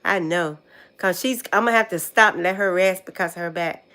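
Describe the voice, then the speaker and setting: A woman's voice: on the low side, brisk, pushed and bright. Older american lady chatting on her livestream, casual, keeps repeating words as she remembers them. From United States. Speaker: vlogger.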